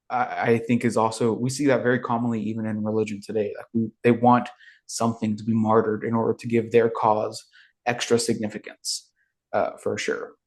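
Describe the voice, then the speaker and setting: A man co-hosting a podcast, talking through a film in a thoughtful, searching way. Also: medium pitch. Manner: thoughtful, searching, with many fillers and restarts. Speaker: podcast co-host. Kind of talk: casual film review chat.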